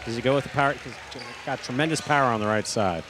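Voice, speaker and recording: A man's voice: medium pitch, fast, crowd noise, background noise. A man giving live sports color commentary, analyzing and speculating on the players' choices.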